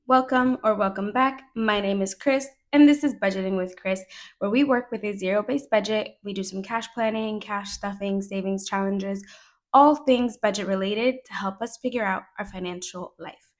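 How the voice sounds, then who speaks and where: A woman's voice: medium pitch, moderate pace, low-quality recording. A woman vlogger chatting casually to camera about her week while counting out cash, with dry sarcastic asides. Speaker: budgeting vlogger.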